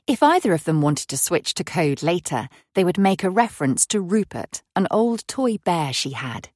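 This scripted audiobook narration comes from a woman on the low side of the pitch range, reading a novel in an even, measured manner. The sound is dry and clean, straight from the studio.

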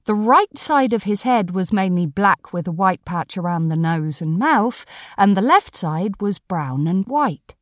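Woman narrator, scripted audiobook reading, unhurried, lively pitch, dry studio sound. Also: dry recording. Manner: measured, storytelling.

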